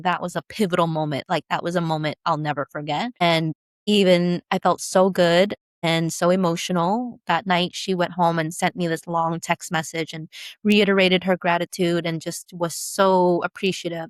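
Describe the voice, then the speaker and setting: A woman guest, a brow tattoo business founder, telling her personal story in an interview in emphatic, animated bursts. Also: lowish voice, no echo, clean studio sound.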